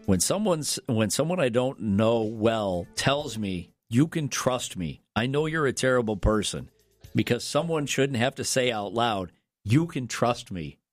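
A middle-aged man holds forth in casual on-air banter, blunt and dryly wry as he tells his stories. His pitch sits in the middle for a man. Faint music runs quietly beneath the talk. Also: lively intonation, measured pace, no echo. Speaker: radio co-host.

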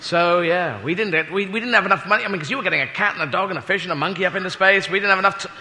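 A man's voice: high voice, rapid-fire, bright, forceful tone, big-room sound. British man rambling through stand-up. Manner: rambling, self-mocking, profane. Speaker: stand-up comedian. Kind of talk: stand-up comedy routine.

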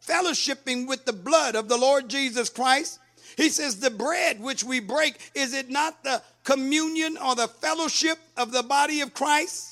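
A man delivers a fiery sermon in a very high, bright voice. He reads verses slowly, explains them, then rises to emphatic shouted calls. His tone stays forceful and ringing throughout. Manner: emphatic preaching, quoting scripture, rising to shouts. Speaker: pastor.

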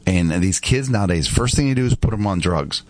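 A man's voice: on the low side, expressive, a little fast, no echo. A man co-hosting a radio show, telling stories in a blunt, joking way. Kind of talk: casual radio chat.

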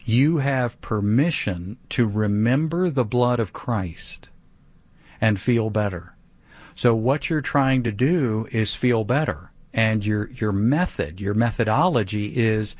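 A man's voice: on the low side, measured pace, darkish tone, dry recording. A man teaching the Bible on a call-in show, earnest and emphatic, with conversational preaching that repeats key phrases for stress. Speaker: radio Bible teacher answering a caller.

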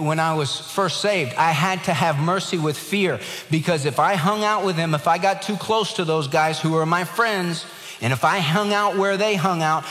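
A man's voice: fairly high pitch, a bit bright. Man preaching with ringing hall reverb. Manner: earnest preaching, varied emphasis, tells jokes. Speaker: pastor. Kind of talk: sermon.

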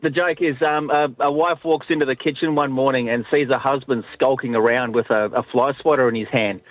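A man's voice: mid-range voice, brisk, no echo, phone-quality sound. Chatty Australian man calling in. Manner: chatty, acts out the voices in his joke. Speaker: radio caller. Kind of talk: telling a joke on the phone.

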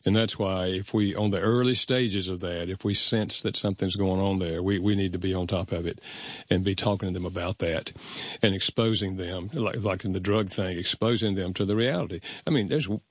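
A man's voice: low-pitched, brisk, dry recording. An older man, a guest, telling personal stories in an earnest, reflective way and acting out past conversations. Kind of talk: personal storytelling.

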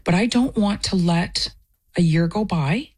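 A woman's voice: on the low side, unhurried, darkish tone, husky. A woman from Canada, a festival director, talking earnestly and with feeling in an interview. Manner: earnest and emotional. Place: Portage, Michigan.

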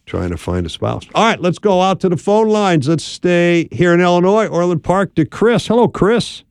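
A man's voice: high voice, very animated, normal speed, smooth, dry recording. A man hosting a call-in advice radio show, upbeat and encouraging, speaking plainly to callers.

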